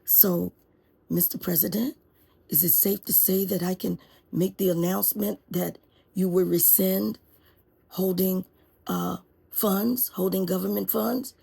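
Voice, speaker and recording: A woman's voice: mid-range voice, fairly even intonation, unhurried, vocal fry, long pauses, mellow, husky, exaggerated voice. A woman playing a timid, nervous male lawyer who stammers and pleads. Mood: pleading. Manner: stammering, pleading, repeats words.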